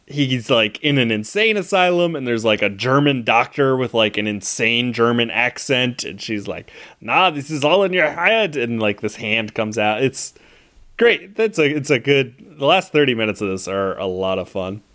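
A man's voice: medium pitch, lively intonation, moderate pace, fairly bright tone. A man co-hosting a movie podcast, talking in a rambling, enthusiastic way full of fillers. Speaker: podcast co-host. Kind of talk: casual movie podcast chat.

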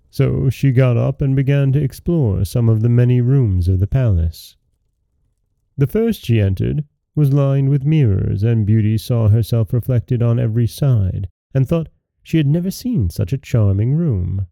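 A man hosting a podcast and reading a fairy tale aloud in a calm, measured narration. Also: mid-range voice, gravelly, no room sound. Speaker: podcast host and storyteller.

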